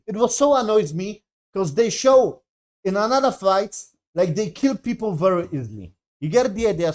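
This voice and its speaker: A man rants through a casual review of a TV series, swearing constantly and sounding exasperated. His voice sits a little high. His English is non-native, with loose grammar and rambling, restarting sentences. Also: a little mellow.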